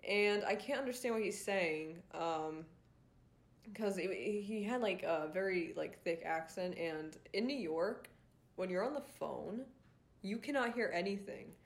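A woman's voice: medium pitch, unhurried. A young woman telling a rambling story to her viewers, chatty and loose, full of likes, ums and swearing. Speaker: vlogger. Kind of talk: casual storytime vlog.

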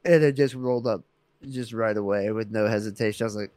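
A man's voice: fairly low pitch, fast, a little mellow, dry recording. A young man on a podcast, telling a road trip story in casual chat, swearing and laughing as he acts out the people in it. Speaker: podcast co-host.

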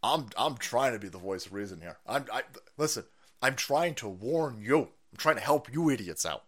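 A man hosting a stream, ranting in profane political commentary with mocking asides and sudden shouts. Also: mid-range voice, animated, normal speed. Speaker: streamer host.

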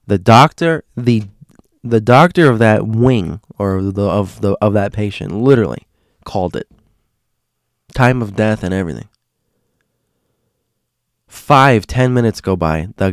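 A man hosting a show, telling a story in a casual, halting way, often repeating words and dropping to a hushed voice. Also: low voice, dry recording, studio quality. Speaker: host.

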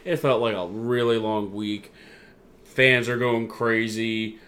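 A man in casual chat, excitedly recapping events with a co-host and acting out what others said. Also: on the low side, takes it slowly, a little hiss or hum. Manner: excitable storyteller, acts out quotes. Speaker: podcast co-host.

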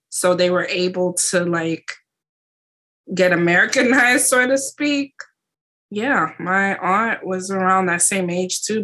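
A woman co-hosting a casual podcast chat, speaking in a relaxed, reflective way. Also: on the low side. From Haitian family in the United States. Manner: relaxed, reflective, frequent backchannel murmurs. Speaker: podcast co-host.

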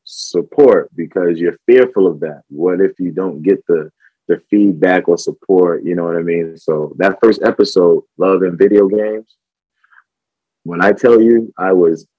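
A man's voice: deep voice, slightly rough, dry recording, lo-fi sound. A man talking as a podcast guest about his filmmaking, reflective and full of fillers and restarts. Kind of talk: casual conversation.

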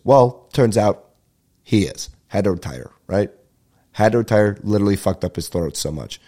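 A man hosting a podcast, rambling casually and excitedly with lots of swearing, his voice stuffed up and nasal. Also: lowish voice, normal speed, pauses often. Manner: profane, excitable, breaks into bits of singing. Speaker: podcast host.

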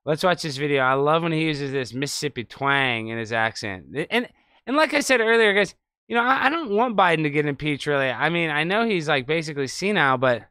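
A man riffing sarcastically on news clips, his voice bright and forceful and cleanly crisp. The sound is close and dry, with no room around it. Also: on the high side, fairly quick, no echo. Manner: sarcastic, animated, scoffing. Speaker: host.

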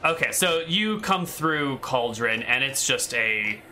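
A man's voice: medium pitch, animated, slow, sharp tone, a little hiss or hum. A man narrating a tabletop game as game master, describing scenes while thinking aloud.

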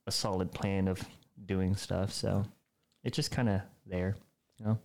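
A man co-hosting a casual podcast, teasing the others and quick to laugh. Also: low voice, fairly even intonation, vocal fry, darkish tone.

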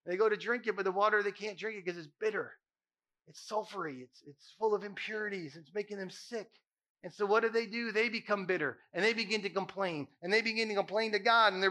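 High, bright-voiced man preaching a sermon. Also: brisk. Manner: impassioned, emphatic preaching with repeated phrases. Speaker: pastor.

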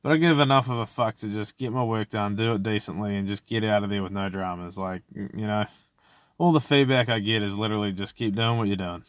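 Podcast host, man in his 20s, low voice, dry close sound, sweary rambling rant. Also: fast, no room sound. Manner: profane, rambling, exasperated venting. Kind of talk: casual solo podcast rant.

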